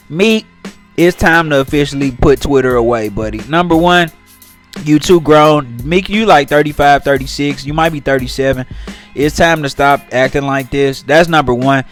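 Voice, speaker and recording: A man's voice: medium pitch, normal speed. Aave guy doing a commentary vlog, talks right at the viewers, reads posts out and clowns them, light music under it. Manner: talks straight to viewers, reads tweets aloud and mocks them. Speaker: commentary channel host.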